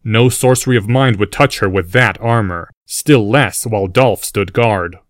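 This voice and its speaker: Male narrator, audiobook: steady scripted read, fairly low voice, dry close sound. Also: measured pace, no room sound.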